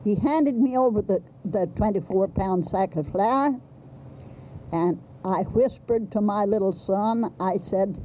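A woman telling of her days as a midwife, in a plainspoken, earnest way, often pausing with an "uh". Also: mid-range voice. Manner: homespun, plainspoken, earnest, pauses with frequent uh. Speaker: midwife telling a life story. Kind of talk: plain spoken storytelling. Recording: dull faintly hissy old archival recording.

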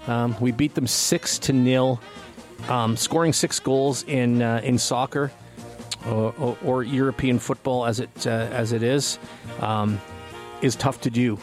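A man's voice: medium pitch, steady tone, a little slow, faint music behind. A Canadian man hosting a radio show in a casual, rambling chat full of fillers and restarts. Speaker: radio host.

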